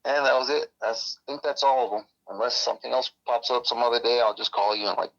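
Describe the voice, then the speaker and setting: Gravelly man on a muffled phone line. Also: mid-range voice, fairly even intonation, fast, fairly bright tone. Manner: rambling, self-interrupting. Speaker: guest, military veteran. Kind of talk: casual storytelling. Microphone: phone call.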